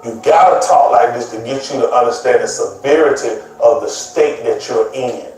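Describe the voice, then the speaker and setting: A man's voice: medium pitch, normal speed, a little mellow. A man preaching a sermon in an emphatic, repetitive way, speaking straight to his listeners. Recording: very echoey, distant mic, faint music.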